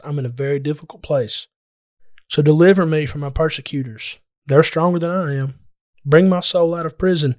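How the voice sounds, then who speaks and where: A man preaching a sermon as pastor, earnest, slowing down for emphatic scripture quotes. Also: fairly high pitch, no room sound, studio quality.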